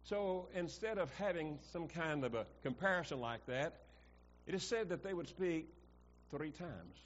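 A man's voice: a little high, expressive, normal speed, lo-fi sound. A male pastor preaching a sermon in a church, asking the congregation questions and swelling for emphasis.

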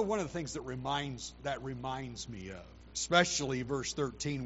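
A man preaching a sermon, animated, with emphatic raised quotations and frequent restarts. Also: a little high. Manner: animated preaching, rising to loud emphatic quotes. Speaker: pastor. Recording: dull lo-fi recording with faint hum.

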